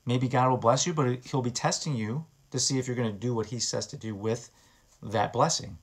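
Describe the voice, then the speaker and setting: A man's voice: mid-range voice, moderate pace, breathy edge. A man giving an informal, earnest sermon, talking conversationally and often restarting and repeating his words. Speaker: preacher.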